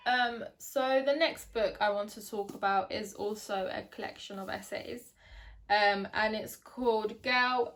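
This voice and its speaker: A young woman giving a casual book review, chatty and hesitant, with many ums and restarts. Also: mid-range voice. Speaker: book vlogger.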